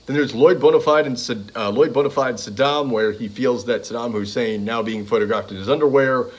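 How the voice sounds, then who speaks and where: A man of ordinary pitch talks casually through a list of comedy tracks. He rambles, trips over titles and fills gaps with ums and uhs. He chuckles now and then as he goes. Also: a little fast, husky. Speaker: fan reviewing comedy CDs. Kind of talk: casual monologue listing tracks.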